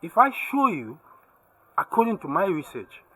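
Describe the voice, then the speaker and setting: A man's voice: high voice, very animated, moderate pace, a bit bright, slightly rough, rough recording. A man talking casually to camera as a vlogger, emphatic and lecturing, checking again and again that the viewer follows. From Zambia. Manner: keeps asking "you see what I mean?". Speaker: travel and tech vlogger.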